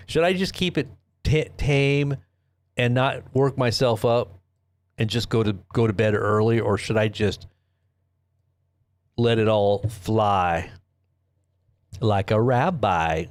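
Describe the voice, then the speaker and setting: A man's voice: medium pitch, measured pace, long pauses, dry recording. A man hosting a casual live news stream, rambling and joking, often breaking off and restarting his sentences. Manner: rambling, self-interrupting, joking. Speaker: host. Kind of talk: casual livestream commentary.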